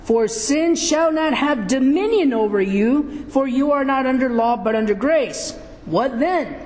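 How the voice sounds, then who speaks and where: Preacher, male, high-pitched, unhurried, teaching from scripture in a reverberant hall. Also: lively intonation, a little mellow. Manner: slow, questioning the congregation. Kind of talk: sermon. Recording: echoey hall.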